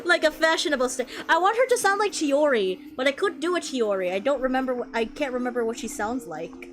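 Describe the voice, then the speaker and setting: A young woman streamer giving excited, gushing gameplay commentary, laughing often. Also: high-pitched, fairly quick, hardly any pauses, music in the background.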